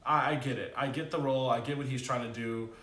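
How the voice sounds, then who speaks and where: A man giving a casual, animated spoken TV review, with loose slangy talk and many fillers. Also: fast talker, reverberant. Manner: animated, swings into high excited exclamations. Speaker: TV review vlogger.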